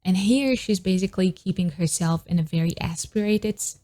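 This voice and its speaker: A woman's voice: on the low side, a little fast, warm tone. A woman vocal coach giving reaction commentary on a singer, admiring and analytical, with technical vocal terms.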